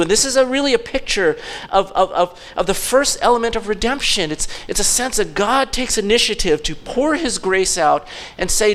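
High-voiced male pastor preaching. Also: lively intonation, moderate pace, fairly bright tone, big-room sound. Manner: storytelling, acts out quotes, frequent restarts. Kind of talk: sermon.

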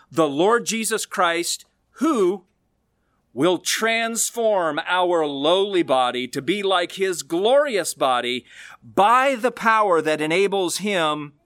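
A male pastor preaching a sermon, expressive, with slow, emphatic stresses on key words. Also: a little high, dry recording, clean studio sound.

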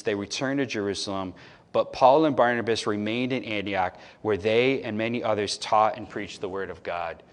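Man preaching a conversational sermon. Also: on the low side. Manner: conversational preaching, swings between soft asides and loud emphasis. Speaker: pastor.

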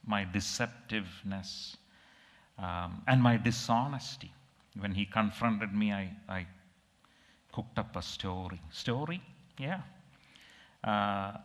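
Middle-aged male preacher, slow and low, reflective and emotional, in a reverberant hall. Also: fairly bright tone. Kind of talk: sermon with personal story.

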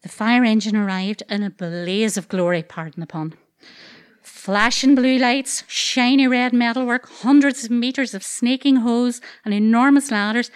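A woman with a Northern Irish accent tells a true story live on stage, wry and earthy with comic asides. Her voice sits fairly high, and she swears freely without any fuss. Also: smooth.

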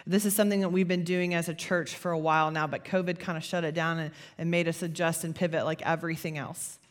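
A woman pastor, preaching a sermon in a conversational, animated storytelling way. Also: on the low side, fast.

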